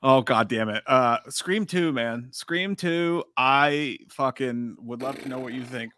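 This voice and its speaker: A man's voice: medium pitch, a little slow, fairly bright tone, no echo. A man co-hosting a casual livestream, swearing freely and rattling off answers in a frantic, self-deprecating way. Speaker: podcast co-host.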